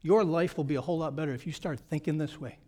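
A man's voice: on the high side, quick pace, darkish tone. A middle-aged man preaching a sermon as pastor, emphatic and conversational, repeating his key phrases.

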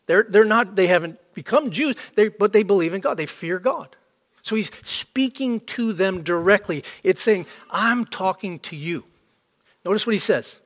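A man's voice: sits high, animated, a little slow, fairly bright tone. A man preaching a sermon to a congregation, emphatic and repetitive for stress. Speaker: pastor. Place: church sanctuary. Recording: long hall reverb.

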